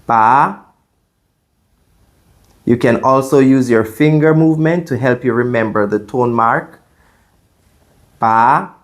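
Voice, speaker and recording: A man teaching a beginner language lesson, explaining clearly and patiently and demonstrating sounds by repeating them. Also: medium pitch, moderate pace.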